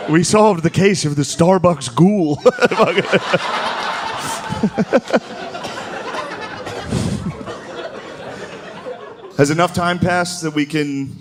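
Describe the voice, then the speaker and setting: Brief: male stand-up comic, lively pitch, loose, laughing delivery, noisy live room. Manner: loose, conversational, laughs at own jokes. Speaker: stand-up comedian. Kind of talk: stand-up comedy set. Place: comedy venue stage. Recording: noisy live comedy show.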